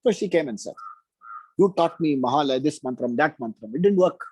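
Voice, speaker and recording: A man, giving a spiritual discourse full of stories, often slowing to stress his lessons. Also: fairly high pitch, expressive, a little mellow, husky, dry recording, rough recording. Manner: slow emphatic storytelling with quoted dialogue. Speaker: spiritual teacher. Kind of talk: storytelling discourse.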